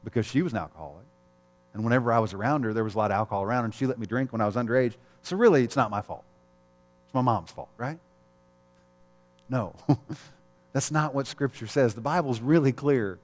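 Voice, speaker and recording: A man's voice: mid-range voice, brisk, long pauses. Candid middle-aged man preaching in a hall. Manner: candid and conversational, telling personal stories with frequent chuckles. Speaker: pastor. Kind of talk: sermon. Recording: long reverb of a large hall.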